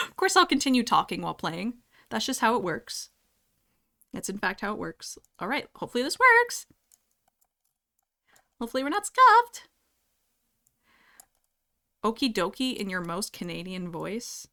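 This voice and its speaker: A woman's voice: medium pitch, sing-song, a little slow, pauses often, pushed and bright. A young woman streaming from home, chatting casually and reading chat aloud, giggling often.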